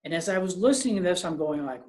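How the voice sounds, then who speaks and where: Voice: medium pitch, animated, quick pace, a little mellow. A presenter giving a business webinar over a video call, telling a story and then giving emphatic advice to listeners.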